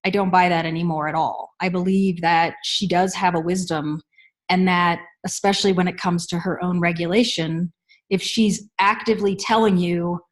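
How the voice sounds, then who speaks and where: A woman parenting coach answering listener questions in a measured, reflective way, with thoughtful pauses. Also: on the low side, fairly even intonation. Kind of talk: unscripted advice talk.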